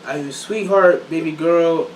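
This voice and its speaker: Young man, high pitch, playful, laughing, casual chat, distant mic, echoey room. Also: a little slow. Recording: echoey room, mic set back, faint hiss.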